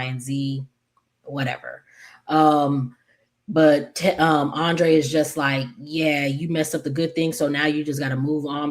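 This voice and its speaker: A woman with a notably low voice recaps a soap opera episode in a loose, casual way. She stumbles through fillers and corrects herself often. Every so often she breaks off to argue with the characters. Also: darkish tone. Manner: rambling, full of fillers and self-corrections; opinionated, talks back to the characters.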